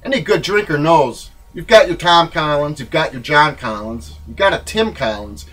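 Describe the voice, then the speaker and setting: A man reading his own memoir in a rambling, wry, irreverent way, swinging between loud bursts and low mutters. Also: expressive, normal speed, poor audio. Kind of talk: spoken-word memoir reading.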